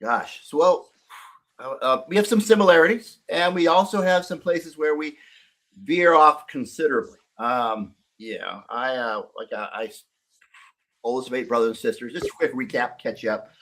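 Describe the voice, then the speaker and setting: A man's voice: on the high side, normal speed, a bit bright. A middle-aged man from Northern California, a podcast guest telling his life story in a candid, profane, casual way.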